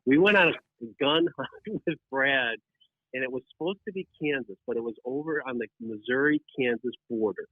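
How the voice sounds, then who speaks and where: Male guest storyteller, animated and rambling, mid-pitched, on a tinny dry phone line. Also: normal speed, dry recording. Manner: animated, rambling with many restarts. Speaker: podcast guest, deer hunting writer. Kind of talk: casual storytelling.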